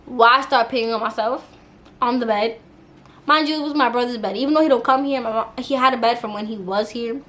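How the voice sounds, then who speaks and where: A young woman telling a storytime for her channel in a casual, animated way, laughing as she talks and using plenty of slang and swearing. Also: on the high side, fairly quick, a little hiss or hum. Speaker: YouTuber.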